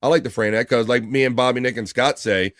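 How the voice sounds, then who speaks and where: An easygoing livestream host from the Baltimore area in the United States chats loosely in his Baltimore accent, reading viewer comments aloud and laughing easily. His middle-pitched voice is fairly bright and quick, with fairly even intonation, and it sounds close and dry with no room echo.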